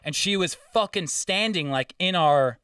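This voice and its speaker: A young man hosting a podcast, telling a story in casual chat, swearing often and getting animated. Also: high voice, moderate pace, clear, resonant tone, dry recording, clean studio sound, distant mic. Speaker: podcast host.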